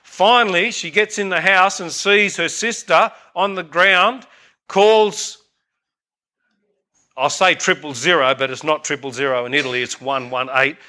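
A man's voice: fairly high pitch, normal speed, few pauses, sharp tone. A man, preaching and telling a story in an earnest, emphatic way, repeating points for emphasis. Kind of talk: sermon storytelling.

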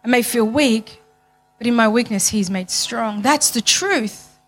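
A woman giving a passionate church testimony, emphatic and repetitive, swinging from loud to hushed. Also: fairly high pitch, measured pace, slight background noise.

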